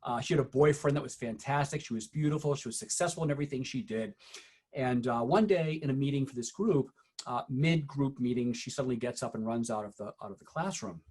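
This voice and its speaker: A middle-aged man giving a teacher-training talk, telling true stories from his classroom in an earnest, halting way with frequent restarts. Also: medium pitch, breathy edge. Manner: earnest storytelling, frequent "uh" and restarts, quiet when recounting.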